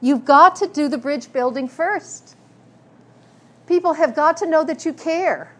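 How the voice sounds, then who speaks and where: A woman's voice: high voice, a little slow, fairly bright tone. A woman preaching a sermon, telling personal stories in an earnest way with frequent restarts. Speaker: speaker.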